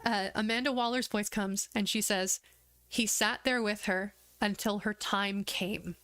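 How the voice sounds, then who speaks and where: A woman's voice: mid-range voice, measured pace, clear, resonant tone, dry recording. A woman streaming, chatting casually and retelling scenes with acted-out quotes and lots of fillers. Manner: animated retelling, acts out quoted lines, lots of "like". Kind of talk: casual chat.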